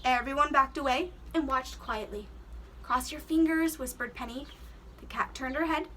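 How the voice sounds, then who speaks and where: A woman's voice: high-pitched, moderate pace, pushed and bright, distant mic, a little hiss or hum. A woman teacher reading a children's storybook aloud, giving the characters voices and stopping to explain words to the kids.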